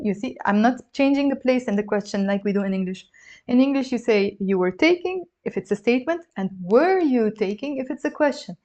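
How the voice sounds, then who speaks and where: A fairly high-voiced woman with a Lebanese accent teaches an online lesson. She is lively and encouraging and slows down to repeat words for learners. The recording sounds a little dull and lo-fi. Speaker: language teacher.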